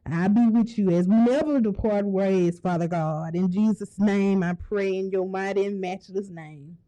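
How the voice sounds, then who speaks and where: Woman softly praying, far from the mic. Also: medium pitch, normal speed. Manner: soft, pleading, distant. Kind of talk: spoken prayer.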